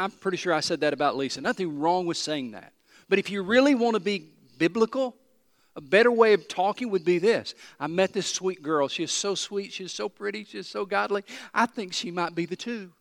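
A male pastor preaching to his church, emphatic, slowing down and repeating key phrases. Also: high-pitched, expressive. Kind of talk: sermon. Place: large church hall. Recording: long hall reverb.

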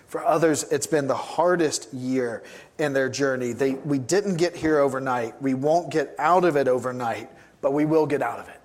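A man's voice: medium pitch, moderate pace. A man pastor preaching a sermon, emphatic and given to repeating his key phrases.

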